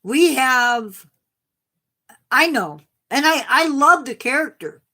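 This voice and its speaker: Woman, game streamer, slightly sore voice, self-deprecating, lively pitch. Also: takes it slowly. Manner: chatty, self-deprecating, talks to viewers. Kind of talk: casual stream chat.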